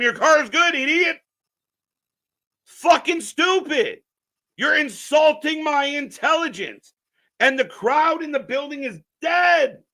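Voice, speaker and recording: A man ranting on a live stream as a wrestling commentator, profane and mocking, swinging between muttering and shouting. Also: high-pitched, creaky.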